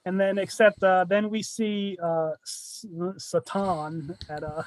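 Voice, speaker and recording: A man's voice: sits high, slow pace, no echo. A man co-hosting a podcast, casually retelling a film's plot in a rambling way and acting out its lines. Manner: rambling storyteller, acts out lines with a laugh. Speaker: podcast co-host recapping a movie. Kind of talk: casual chat.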